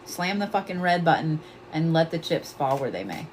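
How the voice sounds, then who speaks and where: In a laid-back livestream, a woman gives psychic readings, cursing freely, laughing a lot, and emphatically repeating instructions to the viewer. Her deep voice is very animated and moves at a normal speed. A slight hiss or hum sits in the background.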